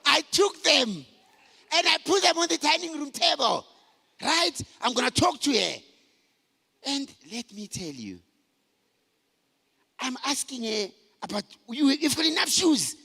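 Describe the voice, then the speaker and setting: Animated man in a hall. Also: very high-pitched, measured pace, creaky, pauses often. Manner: animated storytelling, shouting for emphasis. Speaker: conference speaker. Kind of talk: motivational talk to men. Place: large conference hall. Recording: hall reverb.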